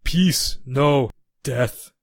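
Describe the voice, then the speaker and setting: A man's voice: mid-range voice, extremely slow, creaky, no echo, studio quality, heavily acted. A man reading a stern male scientist in a put-on Russian accent, grave and terse. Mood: grim.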